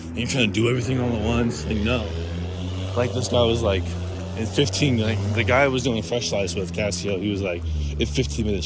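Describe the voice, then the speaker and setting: Rambling young man vlogging outdoors. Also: on the low side. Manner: rambling, self-conscious, lots of fillers and restarts. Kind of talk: casual walking vlog. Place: outdoors by a street. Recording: outdoor street noise behind.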